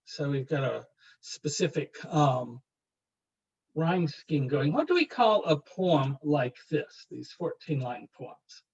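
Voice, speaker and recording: A man lecturing a university literature class in a rambling, wry way, reading verse aloud slowly. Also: fairly high pitch, big pitch swings, creaky, husky. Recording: dull lo-fi classroom recording.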